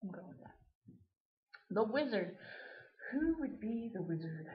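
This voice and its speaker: A woman's voice: mid-range voice, very animated, a little slow, long pauses. A woman chatting casually to camera, rambling and giggling as she answers a question tag. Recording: dull lo-fi webcam audio.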